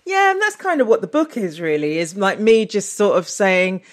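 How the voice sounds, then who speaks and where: A woman's voice: mid-range voice, wildly swooping pitch, normal speed. Chatty, laughing woman guest. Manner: chatty, laughs often, restarts. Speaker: guest author and comedian. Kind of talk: casual interview chat.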